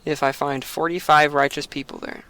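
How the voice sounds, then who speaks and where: A man reading as the Lord, solemn and measured. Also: fairly high pitch, little pitch movement, a bit bright, smooth, natural voice. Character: the Lord, solemn divine male voice.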